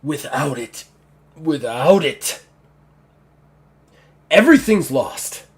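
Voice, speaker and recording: A man's voice: a little high, very animated, takes it slowly, slight background noise. A man voicing a hot-tempered, power-hungry male orc warlord who roars his lines. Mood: furious. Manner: roaring, menacing.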